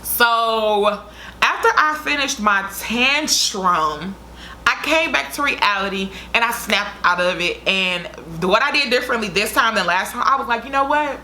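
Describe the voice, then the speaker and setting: A woman's voice: a little high, lively intonation, unhurried, pushed and bright, slight background noise. A young woman vlogger telling a story to her viewers in a chatty, dramatic way. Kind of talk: casual storytime vlog.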